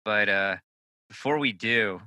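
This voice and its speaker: Man, podcast host, teasing banter, sharp forceful tone, low voice. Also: measured pace, no echo, rough recording. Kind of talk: joking podcast chat.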